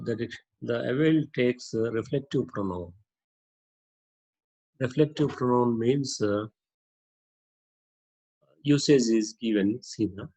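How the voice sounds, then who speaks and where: A man teaching a lesson on using a dictionary, explaining slowly with many repetitions and "uh" fillers. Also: medium pitch, dark tone, breathy edge, poor audio. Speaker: English teacher.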